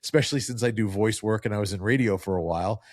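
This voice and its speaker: A man's voice: lowish voice, fast, darkish tone, dry recording. A man in his fifties with a faint New Jersey accent, hosting a casual interview and telling rambling stories with many restarts. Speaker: podcast host.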